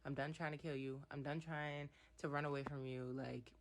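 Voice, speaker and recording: Woman, low voice, casual Bible breakdown, expressive reactions, reads verses aloud. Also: moderate pace. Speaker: Bible study vlogger.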